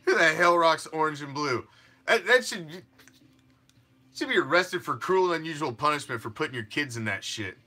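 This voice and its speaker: A man's voice: a little high, animated, moderate pace, pushed and bright. A man hosting a fan sports show, ranting in a fired-up, profane and mocking way. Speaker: fan podcast host.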